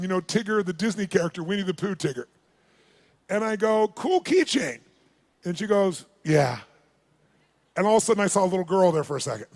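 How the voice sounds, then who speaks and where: A man giving a motivational seminar, animatedly telling a story, acting out its dialogue and calling on the audience. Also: sits high. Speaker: motivational speaker.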